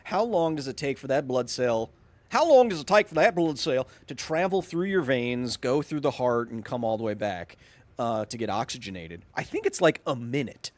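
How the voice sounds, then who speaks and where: A young man streaming a video game live, joking and talking excitedly with his chat. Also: mid-range voice, moderate pace, no room sound. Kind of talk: casual let's-play chat.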